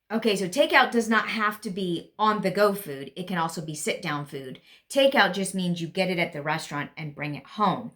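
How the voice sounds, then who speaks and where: Woman, Great Lakes American accent, English teacher, slightly low pitch, casual spoken lesson, hesitant ums. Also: fairly bright tone. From United States. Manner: thinks aloud with many ums and restarts. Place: at home, seated in a chair.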